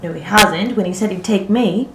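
A woman's voice: mid-range voice, moderate pace, fairly bright tone, close to an everyday voice. A woman narrator voicing a bold, practical teenage country girl who chatters eagerly, using northern English dialect words. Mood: indignant. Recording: roomy echo.

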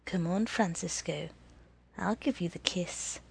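A woman reading as a brisk, impatient lady. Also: fairly high pitch, big pitch swings, vocal fry, darkish tone, exaggerated voice, low-quality recording. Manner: curt, businesslike.

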